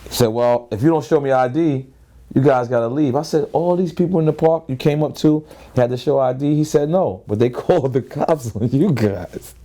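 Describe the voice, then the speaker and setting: A man with a mid-range, dark voice speaks at a moderate pace. He's a rapper in his 30s from Queens, appearing as an interview guest and telling loose, profane stories while voicing both sides of each exchange.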